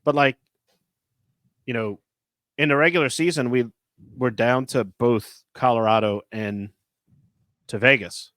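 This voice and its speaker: Animated rambling man in dry sports chat. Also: medium pitch, a little slow, long pauses, no echo. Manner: animated, rambling, heavy use of filler words. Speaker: podcast host.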